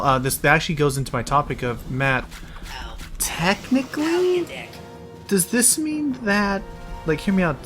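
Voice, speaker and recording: A man hosting a casual game commentary, rambling through his points with restarts and asides. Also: a little high. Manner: rambling, talks in restarts, says "hear me out". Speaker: commentary host.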